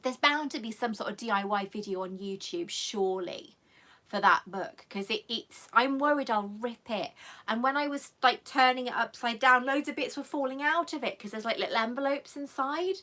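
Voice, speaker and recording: A woman with a slightly high, pushed and bright voice speaks at normal speed while hosting a live stream. As channel host she chats affectionately with her viewers, rambling and emotional, and comes close to tears.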